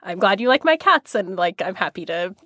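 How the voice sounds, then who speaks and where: A woman's voice: medium pitch, sing-song, a little fast, fairly bright tone, no room sound, clean studio sound. A woman who is a guest on an advice podcast, chatting in an agreeable way. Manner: agreeable, light laughs. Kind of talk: casual advice chat.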